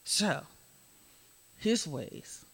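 A middle-aged woman giving a sermon as guest speaker, swinging from hushed asides to loud, emphatic preaching. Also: sits low, animated, drawn-out words, gravelly, slightly rough.

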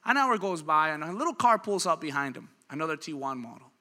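A pastor in his thirties preaches a sermon in a high, very bright, tense voice, talking fast with big swings in pitch. He shifts dynamically from quiet storytelling to loud, driving peaks and acts out the people in his stories.

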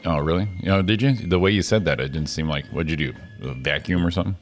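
A man's voice: low voice, fast talker, faint music behind. A man co-hosting a casual morning show, joking, laughing often and swearing casually. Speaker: co-host.

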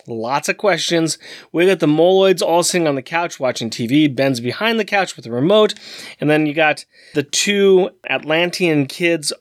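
A man co-hosting a comic book podcast in casual chat, jokey and quick to slip into silly voices. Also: a little high, no echo, clean studio sound. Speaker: podcast co-host.

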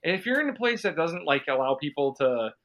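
Podcast guy, bright voice, blunt and opinionated, just chatting sports. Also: fairly high pitch, sing-song, brisk. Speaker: podcast co-host. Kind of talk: casual chat.

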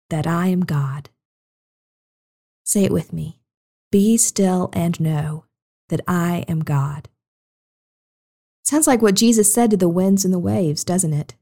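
A woman slowly and gently telling a Bible story to children, speaking expressively and addressing them directly. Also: mid-range voice, creaky, rough recording. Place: at home.

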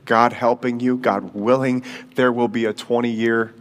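A man's voice: mid-range voice, flat delivery, a little slow. A man from Michigan, a guest pastor, giving a sermon in a loose, conversational, storytelling way with frequent fillers. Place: church service in a gym.

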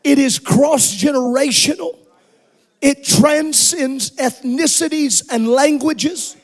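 High-voiced, slow-preaching male pastor. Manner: preaching with shouted, sung-out passages. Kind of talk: sermon.

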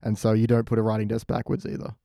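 A man's voice: fairly low pitch, completely flat delivery, quick pace, vocal fry, mellow, no echo, clean studio sound. A man talking as a podcast guest in a laid-back, matter-of-fact way. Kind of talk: casual chat reviewing episodes.

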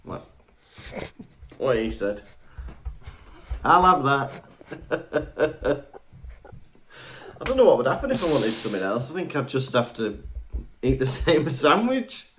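Animated jokey man. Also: mid-range voice, slow, long pauses, slight background noise. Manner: jokey, laughs often. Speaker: podcast co-host. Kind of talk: casual banter.

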